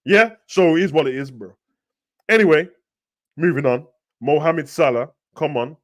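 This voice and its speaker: A man's voice: a little high, normal speed. Slangy young man ranting on football. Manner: slangy, rambling, animated. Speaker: football talk host. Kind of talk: casual football rant.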